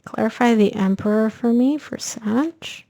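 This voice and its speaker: A woman giving a casual, energetic tarot reading, chatting directly to her viewers. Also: on the high side, measured pace, gravelly. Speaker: tarot reader.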